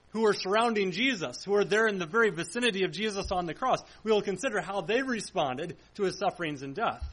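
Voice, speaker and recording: A man's voice: high voice, a bit bright, breathy edge, poor audio. A man pastor preaching a sermon from the pulpit in a church, earnest and full of rhetorical questions. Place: church sanctuary.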